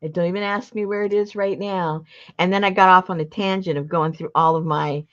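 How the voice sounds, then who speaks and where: A woman's voice: fairly low pitch, steady tone, a little fast, highs cut off. A woman hosting a casual crafting livestream, chatting in a rambling, self-interrupting way. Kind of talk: casual chat while crafting.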